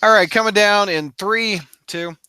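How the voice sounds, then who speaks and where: A man hosting a comic book podcast in casual chat, upbeat and quick to laugh. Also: high-pitched, bright, forceful tone, clean tone, no echo. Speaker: podcast host.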